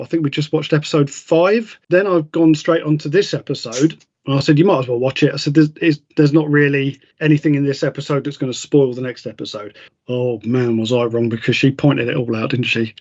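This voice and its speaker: A man's voice: a little high, dry recording, lo-fi sound. A man chatting casually on a podcast, joking and acting out lines from the show. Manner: jokey, acts out characters' lines. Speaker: podcast co-host. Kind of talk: casual chat.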